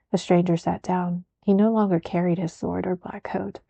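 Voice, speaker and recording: A woman narrating a book aloud as a soft, unhurried ASMR reading. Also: lowish voice, flat delivery, gravelly, husky, dry recording, dull audio.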